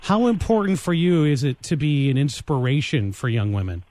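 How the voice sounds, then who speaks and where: A man co-hosting a radio show who asks long, earnest questions at a measured pace. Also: on the high side, expressive, a little mellow. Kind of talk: radio interview.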